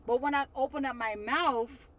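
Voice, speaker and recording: A woman's voice: high-pitched, normal speed, fairly bright tone. A woman from New York with a New York accent, ranting bluntly to camera, swearing freely and sounding exasperated. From Westchester, New York. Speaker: vlogger. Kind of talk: casual rant to camera.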